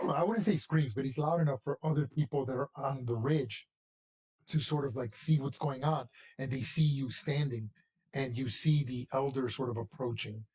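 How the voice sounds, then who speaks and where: Male game master, husky, rambling delivery with constant restarts and repeats. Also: mid-range voice, very animated, measured pace, a little mellow. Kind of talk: narrating a tabletop game.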